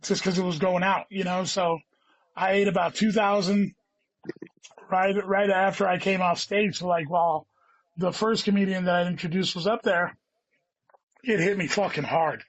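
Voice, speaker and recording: High-voiced man rambling with constant swearing. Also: steady tone, moderate pace, no echo. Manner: rambling, heavy swearing, says "dude" constantly. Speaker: guest comedian. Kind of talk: casual storytelling chat. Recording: dull lo-fi sound.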